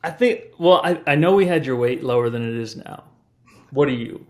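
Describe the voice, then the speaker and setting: A man's voice: medium pitch, animated, fairly quick. A man who works as a personal trainer, chatting casually in an easygoing, agreeable way. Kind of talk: casual chat.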